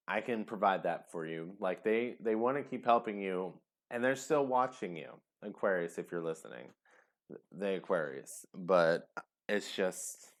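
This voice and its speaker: Guy doing a chatty tarot reading, lowish voice, lots of ums, gets emotional. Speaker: tarot reader. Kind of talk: casual tarot reading to camera.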